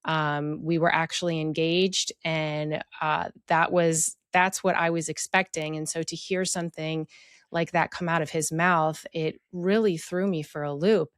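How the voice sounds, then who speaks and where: Woman telling her own story on a podcast, lowish voice, dry sound, lots of ums. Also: steady tone, measured pace, smooth, no room sound. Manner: candid, reflective, many fillers. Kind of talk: personal storytelling about abuse.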